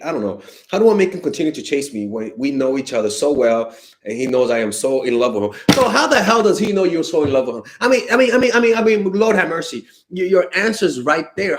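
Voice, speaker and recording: A man giving blunt, exasperated dating advice in a casual monologue, swearing and exclaiming as he answers viewer questions. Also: fairly high pitch. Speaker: dating coach.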